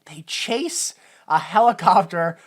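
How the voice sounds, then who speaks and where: A woman's voice: fairly low pitch, expressive, takes it slowly. A woman co-hosting a podcast, casually recapping a movie in a rambling way with sarcastic asides. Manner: rambling, filler-heavy retelling with sarcastic asides. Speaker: podcast co-host.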